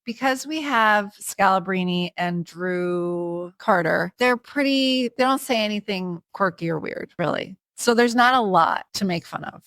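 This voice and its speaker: A woman's voice: medium pitch, unhurried, hardly any pauses, a bit bright, no room sound. A woman co-hosting a podcast, chatting in an easygoing way. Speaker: podcast co-host. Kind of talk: casual chat.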